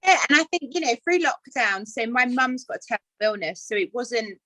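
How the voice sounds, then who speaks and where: A woman's voice: on the high side, expressive, brisk, pushed and bright, slight background noise, rough recording. A young woman, a podcast guest, talking in a chatty, open way about her life. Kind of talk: casual chat.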